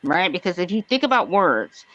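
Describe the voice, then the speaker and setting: A woman's voice: fairly low pitch, very animated, moderate pace, a bit bright, no echo. Earnest woman on a dull lo-fi mic. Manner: earnest, rambling, spiritual talk. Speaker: panel guest. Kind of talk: casual live panel chat.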